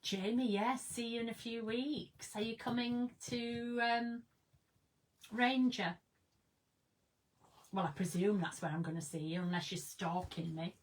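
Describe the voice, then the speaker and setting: A woman's voice: a little high, unhurried, pauses often, poor audio. A woman chatting casually on a craft livestream from her studio, giggling and greeting viewers by name. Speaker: craft live streamer. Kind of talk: casual live-stream chat.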